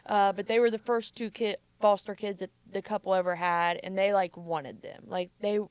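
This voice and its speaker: Here an adult mother on a podcast recounts her past with candor, leaning heavily on the filler "like" in her casual speech. Her mid-range voice is smooth and steady, at a normal speed, recorded with no echo.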